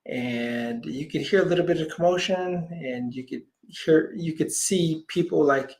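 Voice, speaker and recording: A man's voice: on the high side, a little slow. A man, a healer guest on an interview show, telling a long personal story and acting out the voices of the people in it, sometimes dropping almost to a whisper. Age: adult parent. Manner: animated storyteller, acts out quoted voices, drops to near whispers.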